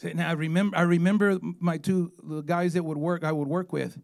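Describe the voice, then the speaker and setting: A man in his forties, an evangelist telling his testimony in a sermon, animated and acting out quotes. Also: fairly high pitch, fairly quick, gravelly. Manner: animated storytelling, acts out quotes.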